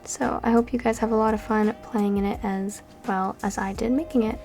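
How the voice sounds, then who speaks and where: A tired nineteen-year-old woman from Canada rambles through a casual chat over a game build. Her voice sits a little high with a gravelly fry. Soft music plays underneath. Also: fairly even intonation, brisk. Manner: rambling and chatty, with frequent fillers. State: tired and a bit out of breath. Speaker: Sims builder and YouTuber. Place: home room during a storm. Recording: background music.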